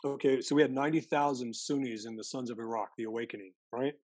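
A man being interviewed as a former intelligence analyst, talking in an animated storytelling way and often restarting his sentences. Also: mid-range voice, fast, dry recording. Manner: animated storytelling, mimics quoted voices, frequent self-restarts. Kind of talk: conversational interview.

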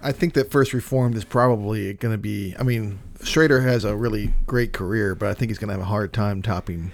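A man's voice: fairly low pitch, a little fast, gravelly. A man co-hosting a casual movie podcast, speaking in a laid-back, hesitant way. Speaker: podcast co-host.

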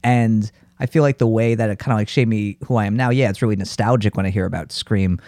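A man's voice: fairly low pitch, fast talker, warm tone, no room sound, studio quality. A man co-hosting a casual chat, talkative and full of fillers, laughing often. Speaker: podcast co-host.

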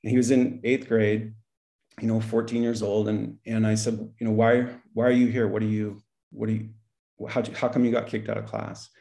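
A man's voice: on the low side, flat delivery, normal speed, gravelly, mellow. A middle-aged man, a former school principal, telling a story in conversation, acting out the dialogue and often laughing. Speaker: podcast guest, school principal.

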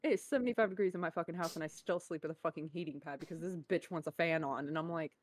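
A woman's voice: low-pitched, rapid-fire, a little hiss or hum. A woman chatting casually, blunt and joking, with frequent swearing. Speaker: podcast co-host. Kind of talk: casual chat.

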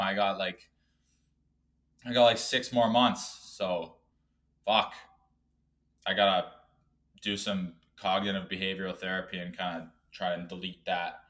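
Young male podcast host, lowish voice, rambling profane rant, self-mocking. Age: 20s. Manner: swings between loud outbursts and low mumbling. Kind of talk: casual solo podcast rant.

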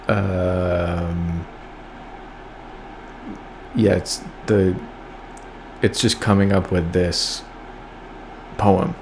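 Low-pitched male reader, offhand and irreverent, breaks off to comment; faint room noise behind. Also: creaky, darkish tone. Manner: reads lines aloud then riffs with wry, profane asides; spells out words letter by letter while looking them up. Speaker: podcast host reading poems. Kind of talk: casual reading and commentary.

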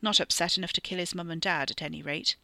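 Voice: mid-range voice, steady tone, quick pace, creaky, bright, forceful tone, dry recording. A storyteller voicing a curt, tense young man who speaks in short, clipped replies. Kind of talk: audiobook character voice.

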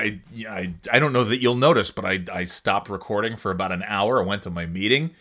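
A middle-aged man rambling casually and jokingly on his own show, standing at a desk microphone indoors. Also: fairly low pitch. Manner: rambling, joking, lively impressions. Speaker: vlogger. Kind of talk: casual solo rant.

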